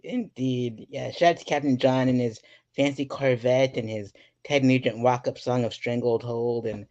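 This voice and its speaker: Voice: medium pitch, fairly even intonation, normal speed, darkish tone, muffled recording. A podcast host chatting casually, giggling and rambling with lots of fillers. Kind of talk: casual interview chat.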